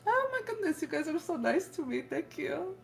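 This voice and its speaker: Bubbly rat shopkeeper, voiced by a woman, polite and grateful, a touch of soft music under him. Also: sits high, expressive, unhurried. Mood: cheerful.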